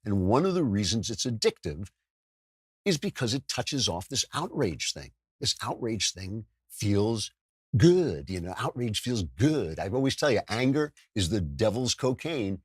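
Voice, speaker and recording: A man's voice: lowish voice, very animated, a little slow, breathy edge, no room sound, studio quality. A man hosting a political talk show, delivering a sardonic, self-mocking monologue with frequent stumbles and restarts. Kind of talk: podcast monologue with ad read.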